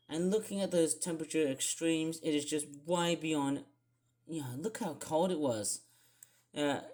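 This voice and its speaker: A man's voice: on the high side, darkish tone. Rambling man grumbling about the weather. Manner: rambling, self-correcting, grumbling. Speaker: weather vlogger. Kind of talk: casual weather commentary over screen charts.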